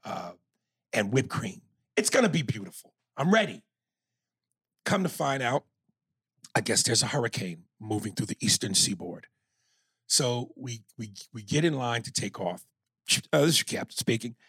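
A man from New York telling a long, profane story on a podcast, animated and acting out quotes. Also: medium pitch, moderate pace, pauses often, slightly rough, no echo. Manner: animated, swears freely, acts out quotes. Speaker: podcast co-host.

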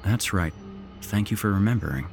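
A man voicing a shy teenage boy who speaks in a quiet, measured way. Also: fairly low pitch, animated, creaky, soft background music. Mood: calm.

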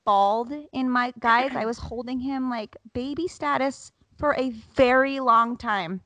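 A woman in her thirties chats with friends as a co-host, animated and full of feeling as she tells a story, and slips into her kids' voices when she quotes them. Her voice sits on the higher side, and the sound is dry and close, with almost no room around it. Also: measured pace, no room sound. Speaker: podcast co-host. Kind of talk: casual chat among friends.

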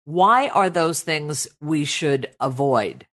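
A woman's voice: low-pitched, animated, takes it slowly, a bit bright. A woman interviewing a guest and asking direct, inquisitive questions.

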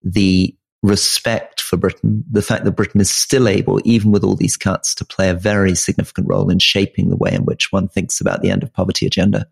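Give me a thoughtful middle-aged man on a podcast with a low, raspy voice. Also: little pitch movement, a little fast, few pauses. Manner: wry, self-deprecating, thoughtful with frequent restarts. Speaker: podcast co-host. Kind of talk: casual podcast chat.

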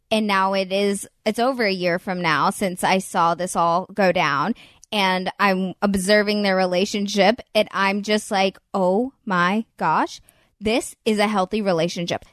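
A woman's voice: medium pitch, fairly bright tone, no echo. A woman hosting a chatty podcast, gushing and laughing often as she talks with a close friend. Her voice sits in a middle range and the sound is dry and close. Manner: giggly, effusive, gushing. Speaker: podcast host. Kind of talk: casual chat.

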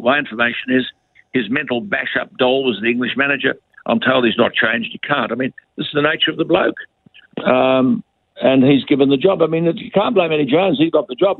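A man's voice: medium pitch, gravelly, breathy edge, no echo. An older man giving blunt, scathing radio commentary as a guest, heard over a phone line. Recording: dry tinny phone line.

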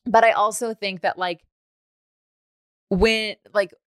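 A woman's voice: medium pitch, fairly even intonation, slow pace, smooth, no echo, clean studio sound. Chatty woman host, laughing and swearing. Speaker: podcast host. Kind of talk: casual chat.

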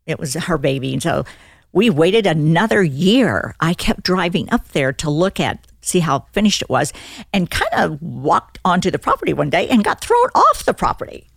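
An older woman tells a story as a guest, her lowish voice bending up and down with a gravelly edge. She performs the lines of people in her tale with plenty of animation. The sound is close and dry. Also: very animated, moderate pace, no room sound. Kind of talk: casual storytelling.

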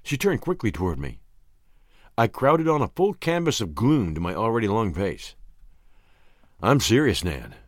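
A man's voice: normal speed, no echo, clean studio sound. A man narrating a first-person novel as an audiobook, telling the story expressively. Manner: expressive storytelling with wide pitch swings.

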